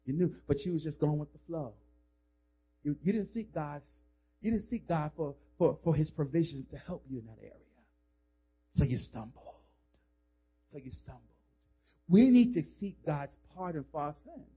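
A male pastor preaching a sermon with emphasis, swinging from shouts to hushed asides. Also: a little high, lively intonation, normal speed, long pauses, husky. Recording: dull lo-fi recording.

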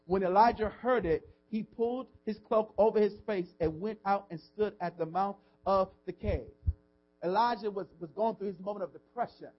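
A pastor with a high-sitting voice preaches at a moderate pace, alternating loud emphasis with quiet whispers while informally repeating words and asking the congregation questions. Faint music plays behind him, and the highs are cut off.

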